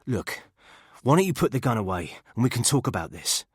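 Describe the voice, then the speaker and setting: A man's voice: medium pitch, big pitch swings, fairly quick, breathy edge, no room sound, studio quality, pitched above the performer's own voice. A man voicing a frightened English intelligence agent with a Thames Estuary accent, pleading and panicky. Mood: urgent.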